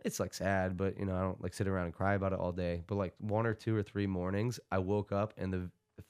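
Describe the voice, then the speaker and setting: A young man chatting casually as a podcast guest, telling stories in an animated way and laughing often. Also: deep voice, quick pace, smooth. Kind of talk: casual chat.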